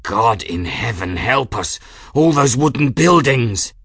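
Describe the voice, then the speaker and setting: A man voicing Kettle, a gruff aeronaut. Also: deep voice, expressive, bright, forceful tone, dry recording, clean studio sound, exaggerated voice. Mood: alarmed. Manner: gruff, blunt, quick to urge action. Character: grizzled, blunt male aeronaut crewman.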